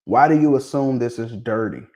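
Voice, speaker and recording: A mid-pitched man speaks in on a casual livestream. He is lively and keeps pressing his audience with repeated questions. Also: a little fast. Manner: animated, prodding viewers with questions, repeats himself. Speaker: livestream host discussing dog pedigrees.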